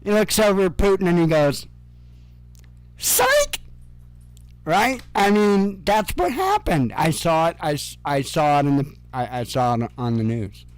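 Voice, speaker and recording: A man's voice: fairly high pitch, animated, normal speed, few pauses, a little mellow, clear, resonant tone, dry recording. A man hosting casual news commentary, sarcastic and profane, with chuckling asides.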